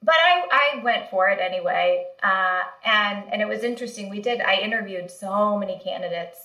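A woman guest, a marketing executive, telling career stories in a casual interview, animated, laughing often and using many fillers. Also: mid-range voice, moderate pace, reverberant, rough recording.

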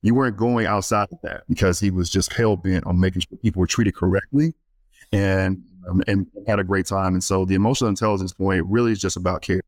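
A man's voice: deep voice, steady tone, fairly quick, darkish tone, no room sound. A man being interviewed as a guest on a podcast. He works with student athletes and speaks earnestly in a storytelling way, with frequent fillers and restarts.

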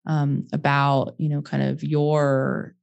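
A woman's voice: deep voice, completely flat delivery, gravelly, darkish tone, muffled recording. Thoughtful woman podcast host. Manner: measured, thoughtful, searching phrasing. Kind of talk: interview conversation.

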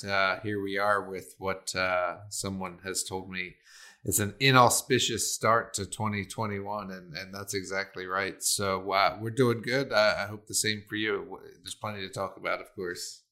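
A man co-hosts a casual podcast, talking in a loose, relaxed way with plenty of fillers and small restarts. His voice sits fairly low. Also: measured pace. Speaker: podcast co-host.

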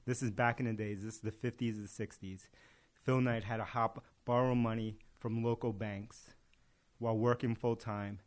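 A man's voice: on the low side, steady tone, normal speed. A man in casual conversation, telling a story and acting out its dialogue. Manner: tells parables with acted-out dialogue.

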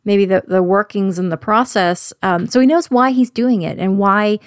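A woman moderating a panel discussion, asking questions in a measured way and searching for her words. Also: medium pitch, fairly even intonation, clear, resonant tone, dry recording, studio quality.

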